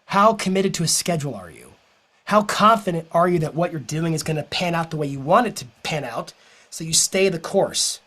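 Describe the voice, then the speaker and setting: A man who is a business coach, giving an energetic, persuasive motivational talk to a live audience and telling stories along the way. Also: fairly high pitch, a little fast.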